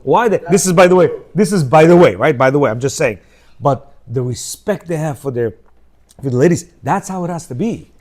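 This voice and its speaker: Middle-aged Bukharian-accented man, fairly high voice, informal lecturer who keeps asking his listeners questions. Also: fairly quick. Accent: Bukharian Jewish. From Uzbekistan. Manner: animated, asks listeners rhetorical questions. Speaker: Torah class teacher. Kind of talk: informal religious class talk.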